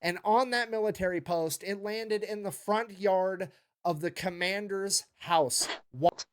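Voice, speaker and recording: A man's voice: high-pitched, unhurried, clean tone. Man telling a comic history story. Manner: animated, jokey, builds to punchlines. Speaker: history storyteller in a played video. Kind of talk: casual comedic storytelling.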